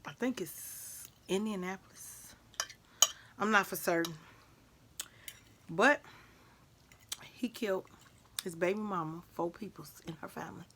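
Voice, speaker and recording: A woman's voice: fairly low pitch, a little slow, pauses often, background noise. An older woman hosting a casual eating vlog, chatting with viewers between bites and slipping into whispers and coughs. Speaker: mukbang vlogger.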